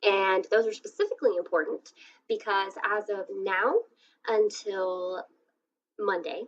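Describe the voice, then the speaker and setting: A woman's voice: medium pitch, steady tone, unhurried. A woman podcast host wrapping up the episode on her own, talking loosely with lots of fillers. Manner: loose, casual, filler-heavy. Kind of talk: solo podcast outro. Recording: dull, lo-fi audio.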